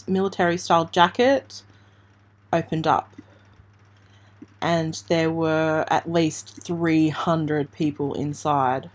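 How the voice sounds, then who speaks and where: Woman, low voice, slow, hesitant, emotional, close to tears, live news commentary. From Australia. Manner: halting, emotional, hesitant with restarts. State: near tears. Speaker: true crime channel host.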